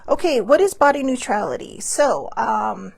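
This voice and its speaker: Husky, creaky-voiced woman hosting a live show. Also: on the high side, very animated, moderate pace. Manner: chatty, scattered, reads passages aloud. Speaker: host. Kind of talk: casual live talk show.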